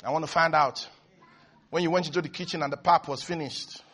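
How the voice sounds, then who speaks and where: A man preaching a sermon as pastor, animated, swinging between hushed asides and shouted peaks. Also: fairly high pitch, a little fast, slightly rough.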